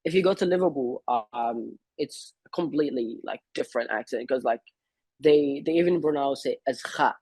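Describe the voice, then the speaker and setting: Husky-voiced hesitant male guest. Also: medium pitch, normal speed, warm tone, no room sound. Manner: hesitant, many fillers and restarts. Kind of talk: casual conversation.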